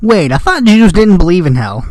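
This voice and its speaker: A man's voice: high-pitched, a little mellow, no echo. Sarcastic rambling male vlogger. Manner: sarcastic, rambling, with self-corrections. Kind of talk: casual commentary.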